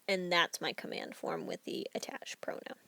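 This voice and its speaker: Woman teacher, recorded lesson, patient step-by-step explainer, slight vocal fry, dry close sound. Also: on the low side, sing-song, moderate pace, bright, forceful tone, no echo, in a whisper. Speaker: Spanish teacher.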